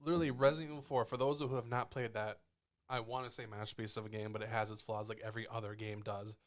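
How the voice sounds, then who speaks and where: A young man co-hosting a gaming podcast, excitable and laughing often as he tells stories. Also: fairly low pitch. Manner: excitable, laughs often, storytelling with quick asides. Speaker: podcast co-host. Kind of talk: casual gaming podcast chat.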